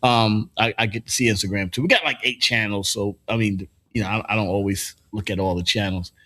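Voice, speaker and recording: A man's voice: on the low side, brisk, sharp tone. A man hosting a morning talk show, telling loose, profane stories and laughing often. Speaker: show host. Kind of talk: casual morning show banter.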